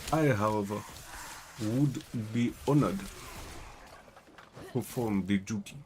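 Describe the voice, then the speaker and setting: A man doing an impression of a formal male hotel concierge, speaking slowly and with measured, overly polite diction. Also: lowish voice, background noise. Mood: courteous.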